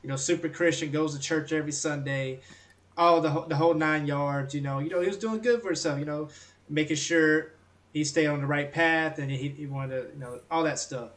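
A man co-hosting a podcast, laid-back and quick to laugh in casual chat. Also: on the high side, fairly bright tone. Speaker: podcast co-host. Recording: distant from the mic.

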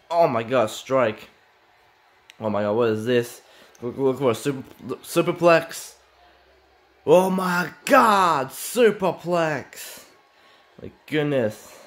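An excitable young man calls a wrestling video game match play by play, often stumbling and restarting. His voice sits at an ordinary middle pitch and jumps to shouts at the big moves. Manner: halting, with many restarts and "oh my god". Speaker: wrestling commentator.

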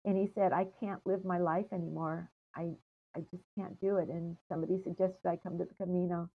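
An older American woman with a fairly low voice wanders through her stories, stopping often for ums and trailing pauses. Her voice comes through a thin, phone-like line that cuts the lows and highs. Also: level tone, slightly rough. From United States. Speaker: interview guest. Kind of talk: casual storytelling interview.

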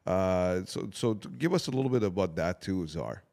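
Low, lively-voiced male podcast host. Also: moderate pace, vocal fry. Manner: expressive, encouraging, frequent reactions. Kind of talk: interviewing a guest.

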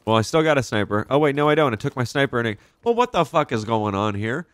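A young man casually commenting as he plays a video game, excitable and profane, reacting out loud to the action. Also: medium pitch, fast talker, no echo, studio quality. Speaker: gaming channel host. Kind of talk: casual let's-play commentary.

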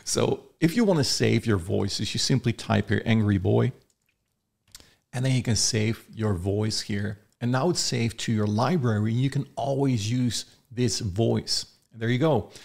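Enthusiastic man demoing software. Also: medium pitch, unhurried, gravelly. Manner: enthusiastic, demonstrating step by step. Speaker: software reviewer. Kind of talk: screen-recorded product review.

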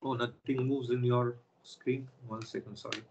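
A man's voice: mid-range voice, flat delivery, moderate pace, a little mellow, lo-fi sound, a little hiss or hum. A man teaching a scripture class over a video call, explaining step by step and checking in with his students.

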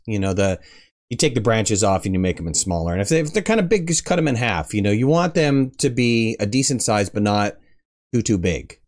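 A man's voice: medium pitch, darkish tone. A man hosting a casual cooking tutorial, chatty and joking, with self-mocking asides. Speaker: cooking show host.

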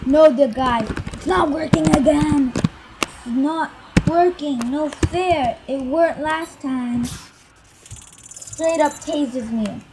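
Woman, gamer commentary, excitable, unhurried delivery, noisy background. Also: high-pitched. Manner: excitable, protesting outbursts. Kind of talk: casual gameplay commentary.

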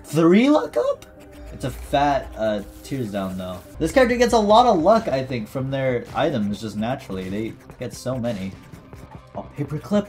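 A man's voice: mid-range voice, a little mellow. Chatty man narrating his gameplay. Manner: jokey, reads item text aloud, talks to the character. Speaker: gaming YouTuber. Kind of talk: casual gameplay commentary.

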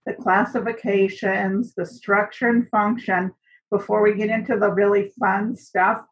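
A woman instructor teaches an online cooking and seaweed class in a chatty way, using many fillers. Her mid-range voice is level and measured in pace, recorded on camera for the online class with a dull, lo-fi quality.

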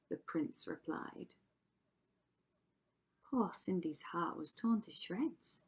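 A woman's voice: lowish voice, slow pace, long pauses, a little mellow, breathy edge. A woman teacher reading a rhyming story aloud to children with dramatic delivery, often dropping to a whisper. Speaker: primary school teacher.

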